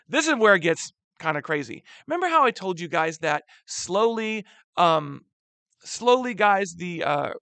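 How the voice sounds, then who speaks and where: A man teaching a history lesson in a casual, animated way, using slang and often calling his students "guys.". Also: a little high, gravelly, dry recording. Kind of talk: casual classroom lecture.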